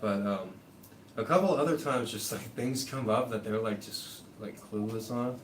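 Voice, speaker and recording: Rambling ranting man, low-pitched, sits back from the mic in an echoey room with faint hiss. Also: normal speed, recorded from a distance. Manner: rambling, profane, heavy on fillers. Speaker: live-stream host. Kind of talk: casual rambling rant.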